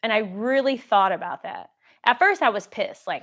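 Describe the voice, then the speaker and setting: A woman hosting a casual live-stream Q&A, telling stories in a lively way and acting out the people in them. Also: medium pitch, moderate pace. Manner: animated storytelling, acts out quoted dialogue; reads viewer questions aloud. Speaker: government contracting coach.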